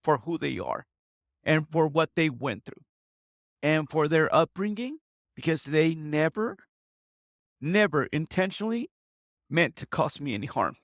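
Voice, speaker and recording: A man in his thirties, a podcast guest, speaking tearfully in an earnest, halting way and often repeating himself. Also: sits high, creaky, no room sound, studio quality. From United States and Mexico. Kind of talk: emotional interview talk.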